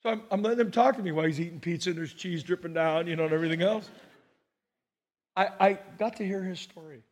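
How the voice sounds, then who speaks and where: A male pastor preaching a sermon, telling stories and moving between hushed lines and emphatic ones. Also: sits high, quick pace.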